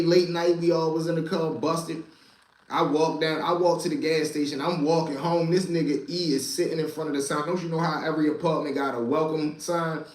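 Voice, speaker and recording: A man's voice: a little high, darkish tone, echoey room, rough recording. A man hosting a casual storytelling show, talking in profane street slang and repeating lines for emphasis. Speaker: host telling street stories.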